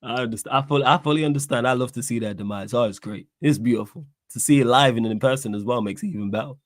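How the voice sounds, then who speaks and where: A man hosting a casual live podcast, his voice hoarse and cracking from singing, talking excitedly in slang. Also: mid-range voice, fast, dry recording, clean studio sound. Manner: excited, shout-outs in slang. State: strained, cracking voice. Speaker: podcast host.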